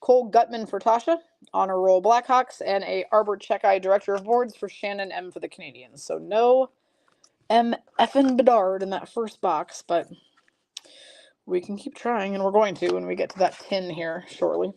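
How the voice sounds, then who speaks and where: Woman, casual stream host, chatty, reads off lists, mid pitch. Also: moderate pace, gravelly, dark tone. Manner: chatty, reads card names and viewer comments. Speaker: card break host. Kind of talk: casual live stream chat.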